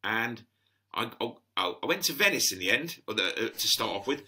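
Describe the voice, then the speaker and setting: A man's voice: medium pitch, sing-song, normal speed, bright, forceful tone. A middle-aged man telling stories in a chatty, rambling way, full of restarts, as a podcast guest. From England. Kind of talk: casual storytelling.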